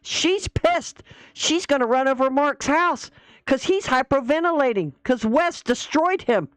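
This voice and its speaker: Woman doing a whiny, shrill man in a panic, squealing that he's been found out, dry close sound. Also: lively intonation, measured pace, no echo. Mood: mocking panic. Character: panicking, whining man mocked as a fraud.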